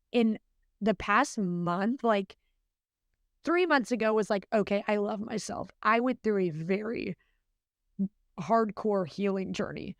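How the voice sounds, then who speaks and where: Podcast guest: young woman, earnest and chatty, quick, dry close sound. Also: medium pitch, no room sound. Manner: chatty, earnest, fast with many fillers. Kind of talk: casual podcast interview.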